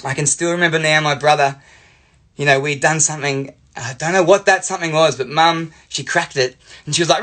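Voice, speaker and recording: A young Australian man, a life coach, telling a playful childhood story in an animated way. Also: a little high, a little fast. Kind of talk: storytelling monologue.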